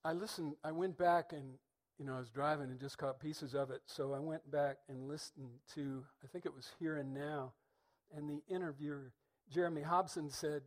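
A middle-aged man with a somewhat high voice preaches a reflective sermon. He speaks thoughtfully and in measured phrases, letting pauses sit between his words. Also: fairly even intonation.

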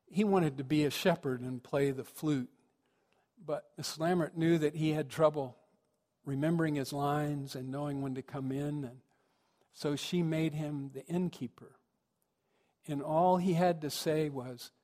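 A man's voice: a little high, darkish tone. A man, a minister, giving a sermon with reflective storytelling that rises to earnest emphasis. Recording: long reverb of a large hall.

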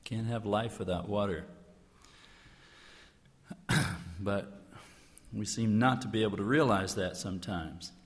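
Earnest man speaking in a reverberant hall. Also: fairly low pitch. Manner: earnest, emphatic, with slow stressed phrases. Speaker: guest speaker. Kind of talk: inspirational talk.

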